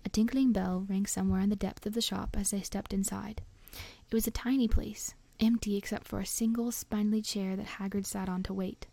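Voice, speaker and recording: A woman reading a storybook aloud in a soft, often whispered voice. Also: medium pitch, steady tone, fairly quick, gravelly, no room sound. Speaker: reader.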